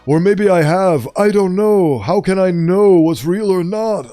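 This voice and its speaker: A man reading aloud voices a weary, frightened male researcher, speaking in a halting, distressed way. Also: sits high, warm tone, no room sound, pitched above the performer's own voice.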